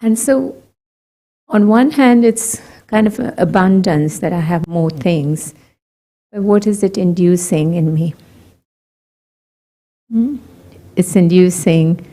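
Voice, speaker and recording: A woman from India giving a gentle, conversational talk to a group, asking reflective questions and laughing lightly. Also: fairly low pitch, takes it slowly, long pauses. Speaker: meditation talk speaker.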